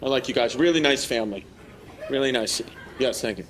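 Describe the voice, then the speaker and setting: A man's voice: mid-range voice, a little fast. A man doing brash, teasing crowd work as a stand-up comedian in front of a live audience. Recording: live room with crowd laughter and noise.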